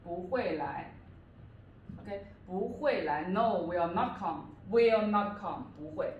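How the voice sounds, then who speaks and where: A woman's voice: lowish voice, animated, takes it slowly, far from the mic, dull audio, a little hiss or hum. A woman tutor giving a classroom-style lesson, patiently repeating each phrase and explaining it step by step. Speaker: language tutor. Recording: echoey room, voice away from mic.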